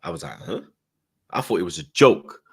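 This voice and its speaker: A man's voice: low voice, animated, quick pace, breathy edge. A man, a podcast guest telling a story in casual, slangy chat and repeating himself as he goes.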